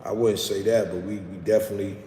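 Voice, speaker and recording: A low-pitched man with a New York accent, talking casually to his livestream viewers in loose street slang. The sound is roomy, with a long echoing reverb and a faint hum of background noise. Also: steady tone, fast talker, dark tone. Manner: loose, talkative street slang, reading chat aloud. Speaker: livestream host. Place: outdoors in the city, rain starting.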